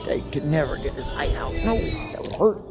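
At a swimming pool, a man plays with his son, speaking patiently while encouraging and teasing him in casual, playful chat. His voice is fairly high, expressive, and brisk, with music behind him and poor audio.

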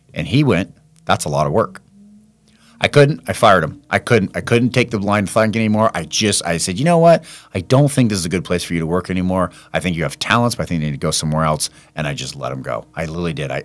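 A middle-aged man hosting a podcast, venting in an animated monologue and acting out the people in his stories. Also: sits low. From California. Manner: animated storytelling, acts out dialogue in quoted voices. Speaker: podcast host and business owner. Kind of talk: ranting monologue.

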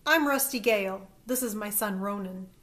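A woman's voice: mid-range voice, moderate pace, a bit bright, lightly acted. A woman reading aloud, voicing an easygoing, friendly man who is a handyman and father.

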